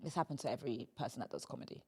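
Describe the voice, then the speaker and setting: A woman hosting a comedy podcast in casual chat, emphatic and teasing, jumping from loud bursts to quiet asides. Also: a bass voice, very fast, slightly rough. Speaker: podcast host.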